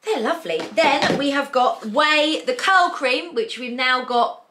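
A woman's voice: high voice, expressive, unhurried, noisy background. A British woman in her thirties, chatting playfully as she unboxes beauty products. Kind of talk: casual chat.

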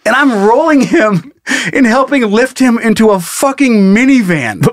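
High-voiced profane storytelling man. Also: lively intonation, normal speed, no room sound, clean studio sound. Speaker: podcast co-host. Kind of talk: casual podcast chat.

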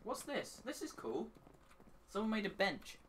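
A man's voice: high voice, unhurried. A man co-hosting a gaming stream, laid-back and giving short mumbled replies while he snacks. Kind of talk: casual gaming chat. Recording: distant mic with steady background noise.

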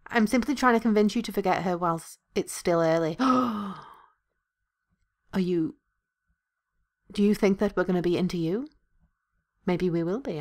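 A woman playing through a visual novel, reading every character's lines aloud with crude ad-libbed jokes and laughter. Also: lowish voice. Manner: crude jokey ad-libs, laughing between lines. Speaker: let's play host voicing all characters. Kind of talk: comedic game dialogue read-aloud.

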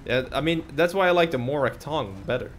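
A man's voice: a little high, animated, quick pace. A young man casually commentating a live game stream, rambling, joking and swearing freely. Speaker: gaming streamer.

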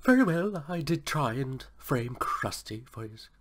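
A man's voice: mid-range voice, big pitch swings, unhurried, noisy background. A man doing a pompous theatrical villain. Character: pompous, villainous middle-aged male ex-sidekick.

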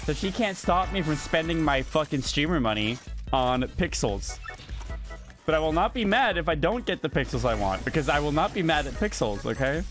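A man streaming live in casual chat, excitable and profane. He keeps jumping into high, squeaky protests. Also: normal speed, soft background music. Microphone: gaming headset.

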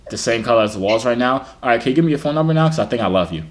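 A man's voice: mid-range voice, expressive, racing, heavy background noise. A man in his twenties making teasing, slangy small talk with strangers on a video chat app. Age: 20s. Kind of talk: casual flirty banter. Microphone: computer or phone mic, video call.

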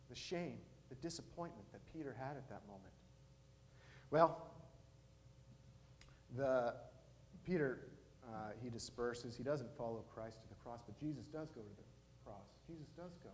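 A pastor in his thirties, with a mid-range, darkish voice, retells a story during a sermon in a church sanctuary, animated and at normal speed but with long pauses. He acts out the dialogue and leans on many fillers. The recording carries long church reverb, faint ambience, and a slight hiss or hum.

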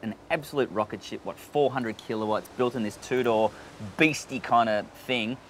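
A man's voice: normal speed, slight background noise. A man, a game show announcer, chatting casually and jokily in an interview at a coffee shop, now and then switching into a big announcer voice. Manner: relaxed, jokey, slips into booming announcer delivery.

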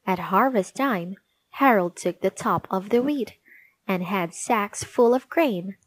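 A woman reading a children's storybook aloud, gently and clearly. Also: medium pitch, lively intonation, unhurried.

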